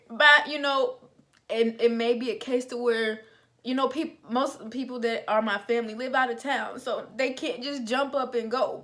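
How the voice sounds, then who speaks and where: A woman's voice: on the high side, fairly even intonation, moderate pace, fairly bright tone. A young adult woman telling a personal faith testimony in an informal, conversational way, with plenty of fillers. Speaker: vlogger sharing a testimony.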